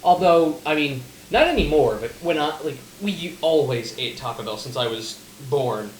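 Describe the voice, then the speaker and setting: A young man rambles through a casual podcast chat, laughing and swearing as he goes. His voice sits a little high. The room is roomy and echoey, with a faint hum of noise behind him. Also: expressive, normal speed. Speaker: podcast co-host.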